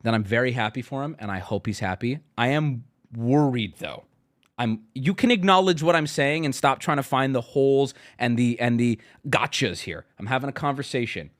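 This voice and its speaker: A male streamer giving casual, profane live commentary, swinging into loud exasperated rants. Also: mid-range voice, moderate pace. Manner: animated, swearing, rising to loud exasperated rants.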